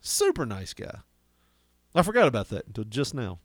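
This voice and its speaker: A man's voice: mid-range voice, wildly swooping pitch, moderate pace, no room sound, clean studio sound. A man co-hosting a casual podcast chat. He tells rambling stories that drift off on tangents, laughs often and swears freely. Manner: rambling, tangent-prone storytelling with frequent laughter. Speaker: podcast co-host.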